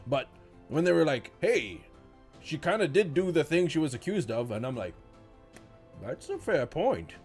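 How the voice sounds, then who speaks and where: A man's voice: fairly high pitch, lively intonation, normal speed, soft background music. A man playing a tabletop game, chatting in a rambling, hesitant way that repeats words. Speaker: player. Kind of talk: casual tabletop game chat.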